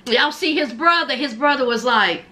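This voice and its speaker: A woman's voice: high-pitched, moderate pace, sharp tone, a little hiss or hum. A woman giving a sassy, gossipy recap of a reality show, acting out what the cast said. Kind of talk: animated show recap commentary.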